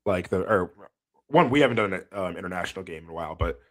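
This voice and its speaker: Low-voiced rambling man on a podcast. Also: expressive, fast. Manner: rambling, laughs often, many fillers. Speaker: podcast co-host. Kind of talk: casual chat.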